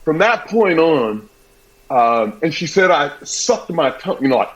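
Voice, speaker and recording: Chatty Southern-raised host, dull sound. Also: male voice, fairly high pitch, measured pace. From American South. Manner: energetic, jokey storyteller. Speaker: sports show host. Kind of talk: casual talk show chat.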